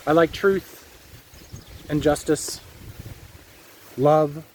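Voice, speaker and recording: A man's voice: fairly high pitch, steady tone, extremely slow. A man from Ohio talking casually to his viewers in a rambling, folksy monologue with preachy asides. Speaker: vlogger.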